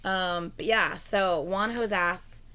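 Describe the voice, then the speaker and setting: A young woman rambles casually while co-hosting a livestream, using lots of "like" and laughing between what she says. Her voice sits on the low side and she speaks slowly, with a pushed, bright, clear and resonant tone.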